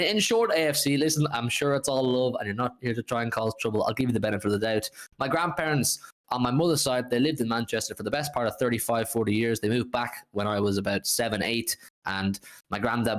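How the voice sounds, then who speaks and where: Irish male host, fast and animated, casual football chat with plenty of swearing. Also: on the low side. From Ireland. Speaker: podcast host.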